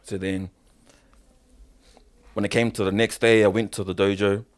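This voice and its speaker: Low-voiced New man, slangy and sweary. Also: flat delivery, moderate pace, clean tone. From New Zealand. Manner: loose slangy talk, swears often, says "bro". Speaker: professional wrestler, podcast guest. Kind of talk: casual interview storytelling.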